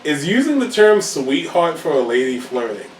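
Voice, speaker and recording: A man's voice: on the high side, big pitch swings, moderate pace, distant mic. A young man hosting a casual vlog chat, teasing and emphatic as he argues his points, laughing often. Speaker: vlog host. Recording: echoey room, mic set back, faint hiss.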